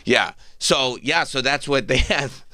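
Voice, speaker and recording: Bright-voiced man hosting radio talk. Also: unhurried, no room sound, clean studio sound. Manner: rambling, jokey, breaks into high-pitched mocking impressions. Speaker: radio show host. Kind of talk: casual sports talk chat.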